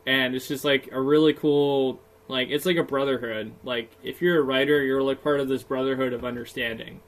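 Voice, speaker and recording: A man co-hosting a casual podcast chat, talking in an upbeat way with a voice going hoarse. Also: medium pitch, fairly even intonation, normal speed, poor audio. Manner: chatty and upbeat, laughs often, many fillers. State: voice getting hoarse. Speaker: podcast co-host, self-published author.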